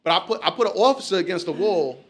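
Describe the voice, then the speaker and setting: Loose-talking New man, slightly high. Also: lively intonation, fast talker, husky. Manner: loose, storytelling, swears freely. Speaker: podcast host. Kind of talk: casual chat.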